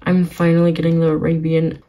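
A young woman vlogging as she plays a video game, giggly and gushing, often breaking into excited exclamations. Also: low-pitched, a little fast, low-quality recording. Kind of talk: excited gaming vlog commentary.

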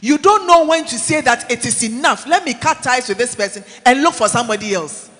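A man preaches an animated sermon in a church, mixing English with Twi and swinging from shouts to low asides. He talks a little fast, and his voice carries a long reverb tail.

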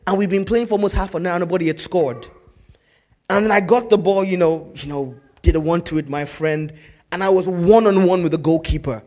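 A man preaching a sermon as pastor, telling stories in a lively way that swings from loud to hushed. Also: high voice, fairly quick.

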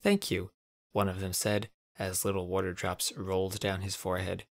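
A man narrating a scripted story in an even, measured read. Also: low-pitched, no room sound.

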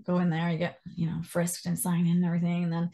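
A Canadian woman in her thirties recounts her life story as an interview guest, speaking quickly in a lowish voice. She's animated, quoting people with lively jumps in her voice.

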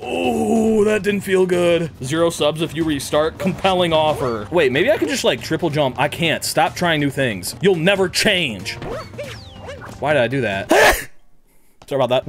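A young man giving loud, jokey gameplay commentary, yelping and shouting at his mistakes and talking to his chat. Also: sits high. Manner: loud, excitable, frequent yelps and shouts; jokey, crude, talks to chat. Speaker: gaming YouTuber.

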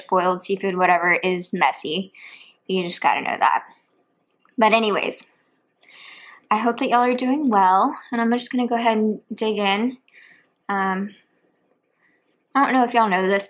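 A woman's voice: medium pitch, normal speed, pauses often. Chatty woman eating on camera. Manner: relaxed, chatty, talks between bites. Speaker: mukbang vlogger. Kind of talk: casual chat while eating. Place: home.

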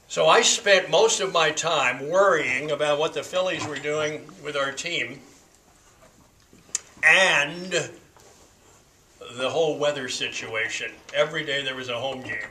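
A man in his seventies telling a story to a class in a folksy, unhurried way with frequent fillers. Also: a little high, pushed and bright, a little hiss or hum, rough recording. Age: 70s. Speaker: class speaker.

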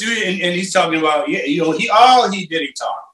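A man in his fifties, a martial arts instructor, telling stories in a casual and animated way. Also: high-pitched, a little fast. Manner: animated, acts out quotes, many fillers. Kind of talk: casual storytelling. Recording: roomy echo.

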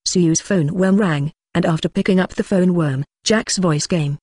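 A narrator reading a novel aloud in an even, steady delivery with little variation. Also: mid-range voice, measured pace, hardly any pauses, no room sound. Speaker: audiobook narrator. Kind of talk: scripted narration.

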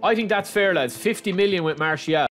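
A young man giving chatty, excitable gameplay commentary, calling his viewers lads. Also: sits high, brisk, soft background music. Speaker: gaming YouTuber.

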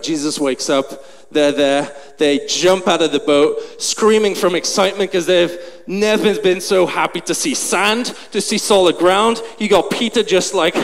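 Breathless man preaching a lively story. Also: high-pitched, creaky. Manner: animated, acts out the scene. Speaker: pastor. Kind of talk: storytelling sermon. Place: large church hall. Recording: long hall reverb, faint noise.

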